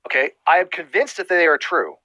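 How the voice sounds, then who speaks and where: A man's voice: fairly high pitch, sing-song, brisk, sharp tone, no room sound, rough recording. A man hosting a livestream show who argues in an angry, swearing rush, firing demands at a caller. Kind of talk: heated livestream argument.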